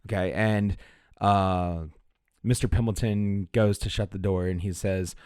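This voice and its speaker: A man narrating a tabletop game as game master, pausing often with fillers and restarts. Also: deep voice, fairly even intonation, darkish tone, smooth, dry recording, studio quality. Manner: hesitant, many fillers and restarts.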